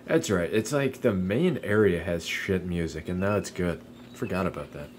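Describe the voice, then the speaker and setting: A young let's play streamer with a deep voice talks at a normal speed, animated, against slight background noise. His casual gameplay commentary is profane, and he laughs often and muses aloud as he plays.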